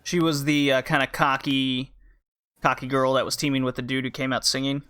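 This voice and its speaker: A man's voice: medium pitch, little pitch movement, brisk, sharp tone, clean tone. A man hosting a casual podcast chat, leading the talk and explaining things to his co-host. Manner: explanatory, leads the talk with questions.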